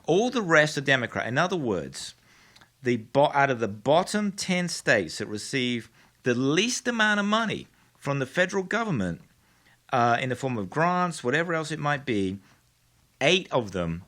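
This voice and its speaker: A man's voice: mid-range voice, big pitch swings, normal speed, a bit bright. A man with a Texas accent hosting a political commentary show in a studio, speaking with mock-astonished, theatrical sarcasm.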